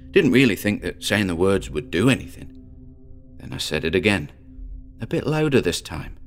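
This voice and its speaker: A man voicing a smug teenage boy spinning a campfire horror tale in a radio-play reading. He tells it with a lowish voice that builds slowly, with soft music running underneath. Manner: boastful, building suspense. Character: cocky teenage boy telling a ghost story.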